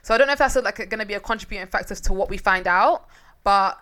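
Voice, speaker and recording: A woman's voice: mid-range voice, quick pace, fairly bright tone. A young woman co-hosting a casual true-crime chat, blunt, swearing and laughing often. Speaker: podcast co-host.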